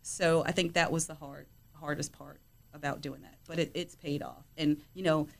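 A woman's voice: sits low, fairly even intonation, normal speed, creaky. A middle-aged woman telling stories about her son in a casual podcast chat, with lots of "you know" fillers. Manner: warm storytelling, frequent "you know" fillers. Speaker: guest, player's mother.

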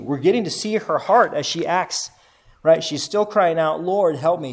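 Animated and at a measured pace, a man whose voice sits on the high side teaches scripture to a group. He reads the text aloud, poses questions to his listeners, and repeats what they reply.

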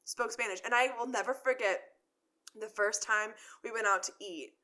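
Chatty young woman, bright and forward voice, rambling storyteller. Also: a little high, moderate pace. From Chicago area. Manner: chatty storyteller, many "like" fillers, acts out quotes. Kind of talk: casual chat.

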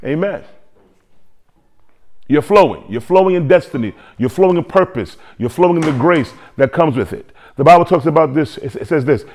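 A man preaching a sermon to a congregation, lively, with joking asides and repeated phrases. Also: a little high, normal speed. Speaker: pastor.

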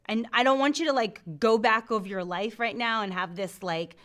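A woman's voice: fairly high pitch, normal speed, fairly bright tone. A middle-aged woman hosting a faith show, teaching from the Bible with lots of laughter and acted-out voices. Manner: laughs often, acts out scripture voices. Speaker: faith podcast host.

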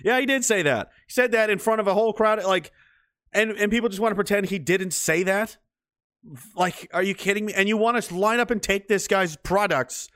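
A man's voice: high voice, brisk, a bit bright, dry recording, studio quality. A man ranting sarcastically and swearing freely, reading and answering his chat in a livestream.

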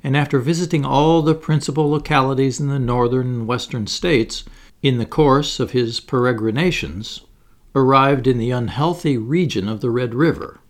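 A man reading a book aloud in measured, formal narration. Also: medium pitch. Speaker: audiobook reader. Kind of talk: scripted narration.

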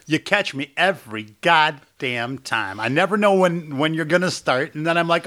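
A man's voice: a little high, expressive, normal speed, few pauses, bright, forceful tone. A man co-hosting a horror podcast, laughing often and rambling in profane casual chat. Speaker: podcast co-host.

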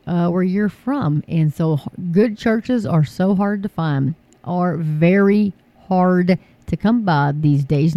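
A woman's voice: fairly low pitch, dark tone, dry recording, highs cut off. A woman from the United States hosting an online talk show, chatting to viewers in an emphatic, filler-heavy way that rises into pleading. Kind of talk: casual commentary to viewers.

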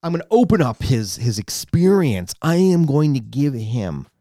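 A man telling a long personal story in casual chat, animated and exasperated, growing indignant as he goes. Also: mid-range voice, moderate pace, dry recording, studio quality. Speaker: guest storyteller.

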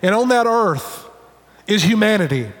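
A man's voice: high voice, very animated, a little slow, fairly bright tone, long reverb tail. A male pastor preaching a sermon in an earnest, conversational way, with wry asides. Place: church sanctuary.

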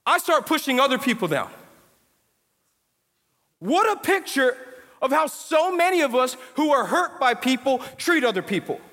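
High-voiced young pastor in a reverberant hall. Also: male voice, moderate pace, long pauses. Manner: animated storytelling, casual slang, builds to emphatic preaching. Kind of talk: sermon. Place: church sanctuary.

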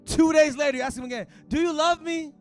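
A man doing an impression of a famous older preacher, with a loud, emphatic, drawn-out delivery. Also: extremely high pitch, soft background music, voice pushed up. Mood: booming.

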